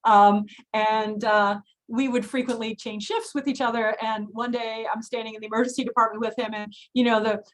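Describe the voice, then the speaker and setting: Emphatic older woman with a higher voice. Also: normal speed, few pauses, low-quality recording. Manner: animated storyteller, chatty with many fillers; frank and emphatic advice. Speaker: physician and director of student health. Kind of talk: casual Q&A talk to pre-med students.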